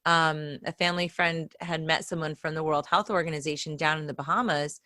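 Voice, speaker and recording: A woman's voice: deep voice, fairly even intonation, fairly quick, pushed and bright. A woman co-hosting a podcast, chatting casually with a wry, self-mocking sense of humor. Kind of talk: casual video-call chat.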